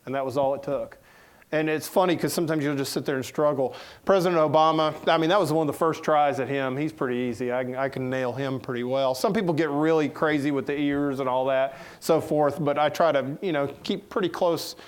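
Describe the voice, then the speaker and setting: A middle-aged man with a Southern American accent gives a casual talk in a lecture room. His voice sits a little high, and he is folksy and quick to joke as he moves through his stories. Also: clean tone. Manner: folksy, joking, animated anecdotes. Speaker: editorial cartoonist giving a talk. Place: lecture room before an audience.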